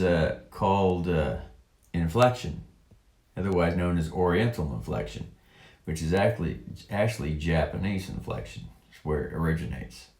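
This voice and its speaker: Deep-voiced man, unhurried and halting, drawn-out words and fillers, reading and riffing in a reverberant room. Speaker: online commentator. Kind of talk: rambling monologue reading and commenting on a text.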